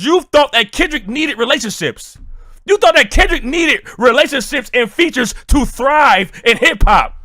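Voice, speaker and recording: A man hosting a music reaction, talking loudly and excitably, swearing and breaking into shouts. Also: very high-pitched.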